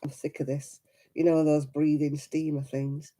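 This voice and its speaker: A woman's voice: low voice, flat delivery, normal speed, mellow. A middle-aged woman with a Lancashire accent and a cough, chatting casually on her crafting live stream, laughing and greeting viewers by name. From Lancashire, England. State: coughing, rough throat. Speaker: crafting livestream host.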